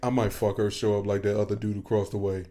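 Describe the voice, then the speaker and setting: A man co-hosting a podcast, telling stories in casual chat with animated, profane energy. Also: fairly low pitch, fast. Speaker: podcast co-host.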